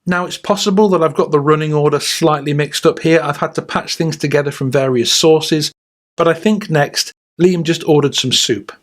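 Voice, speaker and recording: A man narrates a scripted documentary for his channel in a fairly high voice. His delivery is measured and wry. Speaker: YouTube host.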